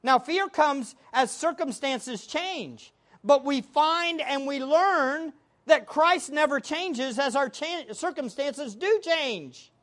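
Woman preaching, high voice that swings all over, asks questions then answers them herself. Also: expressive, slow pace, a bit bright. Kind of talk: sermon.

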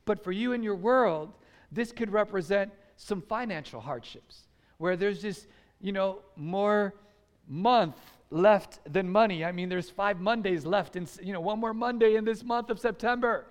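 A man from the United States preaching a sermon to a congregation, animated and urging them to call back responses. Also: high-pitched, moderate pace, big-room sound. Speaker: pastor. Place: church sanctuary.

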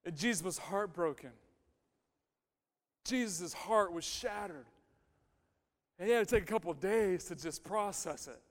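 A man's voice: high voice, lively intonation, unhurried, long pauses. A male pastor giving a conversational sermon, emphatic and repeating his key phrases. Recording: long hall reverb.

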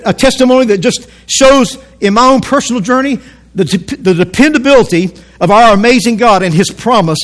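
High-voiced man preaching a sermon. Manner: emphatic preaching, slows down for quotes and calls the congregation to repeat. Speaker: pastor. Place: church auditorium.

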